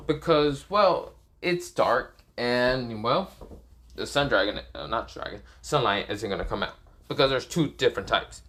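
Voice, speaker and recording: Man narrating a fan story off the cuff, bright voice, rambling with fillers and throat clearing. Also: lowish voice.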